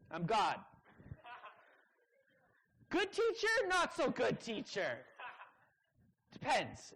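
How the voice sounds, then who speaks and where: A young adult woman preaching a sermon to students, leaning hard on key words with drawn-out pauses. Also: medium pitch, fairly bright tone, low-quality recording.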